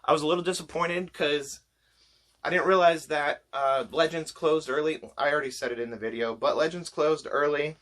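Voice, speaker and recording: A man chatting to camera as he shows off a shopping haul, enthusiastic and gushing, his voice getting hoarse. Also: fairly high pitch, fairly even intonation, moderate pace, fairly bright tone. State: voice going hoarse. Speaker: vlogger showing a shopping haul. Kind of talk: casual chat to camera.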